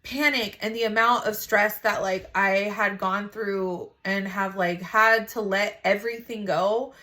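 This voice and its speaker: A woman's voice: mid-range voice, fairly even intonation, measured pace, bright, forceful tone. A mother sharing a casual faith testimony, rambling and frank, with lots of "like" and some swearing.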